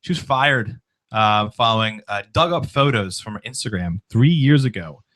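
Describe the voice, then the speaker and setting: A man's voice: fairly low pitch, lively intonation, moderate pace, fairly bright tone. A man hosting a casual sports talk show, running through news items with a sarcastic, rambling delivery full of fillers. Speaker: podcast host.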